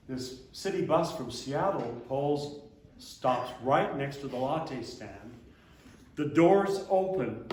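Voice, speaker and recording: An older man, an abbot, telling a lively story to a congregation, now and then throwing in a big booming laugh. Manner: animated storyteller, booming put-on Santa laughs. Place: church hall. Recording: echoey hall, speaker far from mic, faint hiss.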